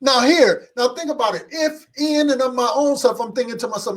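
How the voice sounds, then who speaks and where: High-voiced preaching man, call-and-response. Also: a little fast. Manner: call-and-response preaching, repeats phrases, builds in excitement. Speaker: pastor. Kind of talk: motivational livestream sermon.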